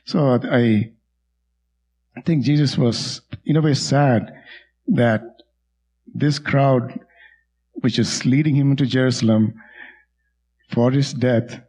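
A man's voice: mid-range voice, fairly even intonation, slow pace, pauses often, a little mellow, husky, low-quality recording. A man in an online Bible study group, earnestly reflecting and quoting scripture over a video call. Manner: earnest, quotes scripture at length.

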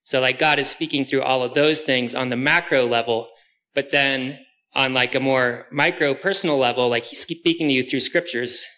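A man speaks up in a casual faith discussion with a bright, forceful tone. He sounds enthusiastic and talks loosely, stringing thoughts together with fillers. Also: mid-range voice, steady tone, moderate pace, rough recording. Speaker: group member sharing.

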